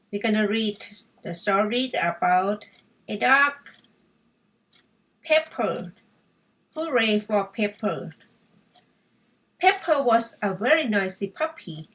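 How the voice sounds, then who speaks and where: A woman slowly reading a children's story aloud for English learners, in a careful, clear way. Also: a little high, fairly bright tone, far from the mic, low-quality recording. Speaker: storybook reader.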